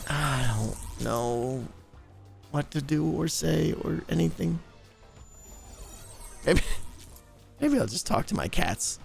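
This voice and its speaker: A man's voice: a little high, lively intonation, slow pace, creaky, pauses often, soft background music. A man streaming live, rambling and laughing as he thanks viewers in a flustered, casual chat.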